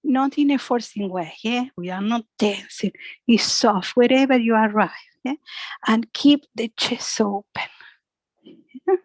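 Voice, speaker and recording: A woman guiding a yoga class with soft, slow cues and a frequent questioning "yeah?", speaking English as a second language. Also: a little high, no room sound, rough recording. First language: Spanish. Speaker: yoga instructor.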